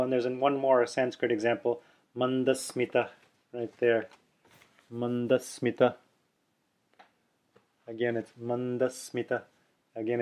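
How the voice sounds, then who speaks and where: A man teaching pronunciation in an unhurried explanatory way, often restarting phrases and repeating example sounds. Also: medium pitch, darkish tone. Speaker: language teacher. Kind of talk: explaining pronunciation over a document.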